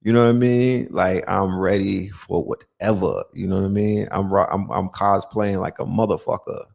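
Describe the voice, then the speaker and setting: A man's voice: low-pitched, steady tone, moderate pace, gravelly, darkish tone. A man hosting a casual live-stream chat, joking around and tagging lines with "you know what I'm saying". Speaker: host.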